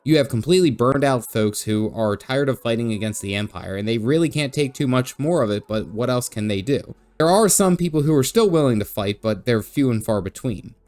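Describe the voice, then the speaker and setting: A man's voice: medium pitch, lively intonation, a little fast, hardly any pauses, a little mellow. A man narrating a casual, joking recap of his video game stream and sometimes putting on goofy voices for characters. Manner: jokey, goofy voices when quoting characters.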